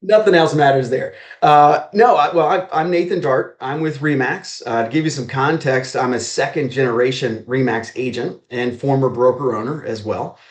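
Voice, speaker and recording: A man's voice: medium pitch, normal speed, hardly any pauses, echoey room. A man from Maryland, a real estate agent, telling stories as a podcast guest and acting out the dialogue he quotes. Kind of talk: storytelling in a podcast interview.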